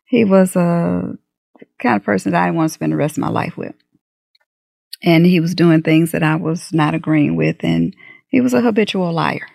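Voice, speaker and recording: A middle-aged woman tells a personal story in an interview, her voice gravelly with a touch of fry. She speaks candidly and livens her telling by acting out what people said. The recording is dry and close, with no room sound. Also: lowish voice, no echo. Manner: candid, animated retelling with acted-out dialogue. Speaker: guest.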